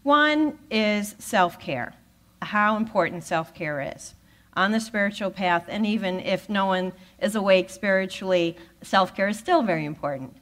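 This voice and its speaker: A woman giving a talk at a spiritual center, telling a personal story with lively acted-out dialogue. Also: medium pitch, a little slow. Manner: animated storyteller who acts out quoted voices. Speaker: guest speaker at a spiritual center.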